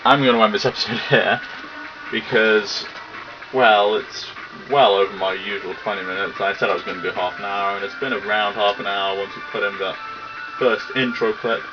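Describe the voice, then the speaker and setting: A man's voice: on the low side, moderate pace, music in the background. A man hosting a game let's play, chatting in offhand, rambling asides. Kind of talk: casual game commentary. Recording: dull lo-fi recording with steady noise.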